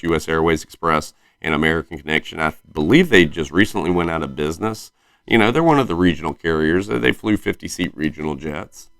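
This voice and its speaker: A man's voice: sits low, a bit bright, no echo, studio quality. A man in his thirties from South Carolina with a slight Southern twang, telling rambling stories on his own podcast and often correcting himself. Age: 30s. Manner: rambling, self-correcting storyteller. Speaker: podcast host. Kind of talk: casual solo podcast chat.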